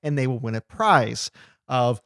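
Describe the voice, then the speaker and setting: A man co-hosting a casual podcast chat, animated and laughing as he retells a plot. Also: medium pitch, a little slow, clear, resonant tone, dry recording, studio quality. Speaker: podcast co-host.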